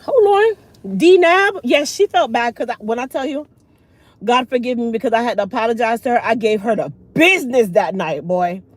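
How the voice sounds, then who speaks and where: A woman's voice: fairly high pitch, moderate pace, dry recording. A middle-aged woman, telling viewers a long story in casual chat and acting out the people in it. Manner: animated, acts out the other people in the story. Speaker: vlogger and channel host.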